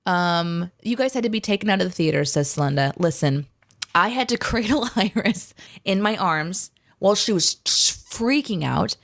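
A woman in her thirties co-hosts a relaxed chat, telling stories animatedly. Her pitch swoops and lifts as she acts out the voices in her stories. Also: normal speed. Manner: animated storyteller, acts out quotes. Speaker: co-host reading chat. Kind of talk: casual chat.

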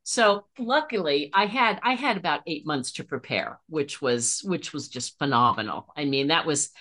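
A middle-aged woman talks as a podcast guest in a fairly low voice. She tells her stories with animation and jumps much higher when excited. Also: moderate pace. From Pennsylvania. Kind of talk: casual interview chat.

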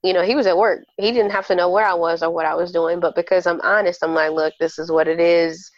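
On a podcast, a woman guest shares a personal story in casual, candid, animated fashion, acting out others' lines. She's a fast talker with a fairly low pitch, recorded without echo and with the highs cut off.

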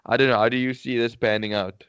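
A man's voice: medium pitch, level tone, fast talker, fairly bright tone, clean tone, no echo, lo-fi sound. A man co-hosting a casual football podcast, thinking aloud with frequent hesitations and restarts. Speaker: podcast co-host.

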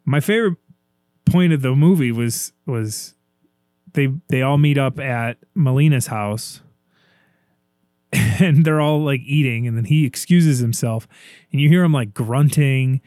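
A man's voice: medium pitch, a little slow, a little mellow, no room sound. Enthusiastic man in casual chat, dry sound. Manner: enthusiastic, acts out quoted lines from scenes.

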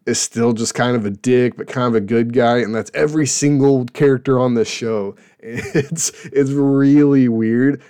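A man's voice: medium pitch, warm tone. A young adult man hosting a casual show, rambling sarcastically about television and laughing at his own jokes. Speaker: podcast host reviewing TV shows. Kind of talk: casual opinionated chat.

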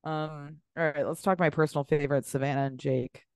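A woman co-hosting a podcast in casual chat, animated and chatty with lots of filler words. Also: sits low, a little fast, clean tone, dry recording, clean studio sound. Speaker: podcast co-host.

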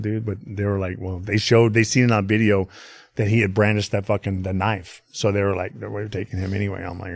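A man's voice: fairly low pitch, steady tone, fairly quick, gravelly, no room sound. A man on a podcast telling a story in a casual, rambling way, swearing often and leaning on filler phrases. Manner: profane, rambling, full of "you know what I mean". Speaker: podcast guest. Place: podcast studio.

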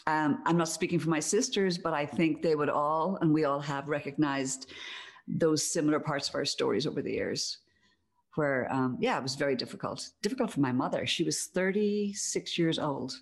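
A woman's voice: low voice, normal speed. A middle-aged woman with an Irish accent, guest in a casual conversation, speaking reflectively and laughing easily. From Ireland, Donegal.

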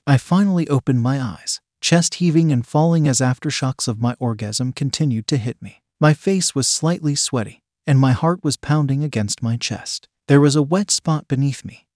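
A man with a mid-range voice narrates a scripted erotic story, slow, even and intimate. The recording is dry and close-miked, with no room echo. His pitch sits at an ordinary middle level.

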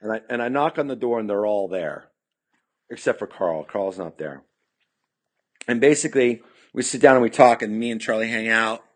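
A Californian man, a punk musician guesting on a podcast, tells a long, casual story and acts out the quoted dialogue, peppering it with "you know." His voice sits lowish and moves at a moderate pace, captured on a podcast studio mic.

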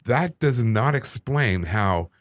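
A man on a podcast, casually telling a personal story in an animated, self-deprecating way. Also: medium pitch, slow pace, dry recording. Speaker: podcast co-host.

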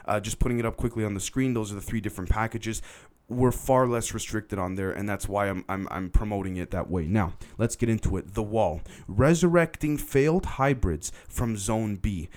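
A man's voice: lowish voice, moderate pace, darkish tone. A man hosting a podcast, telling a story in a casual, rambling way and talking straight to his listeners. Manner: rambling, conversational, addresses listeners directly. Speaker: podcast host.

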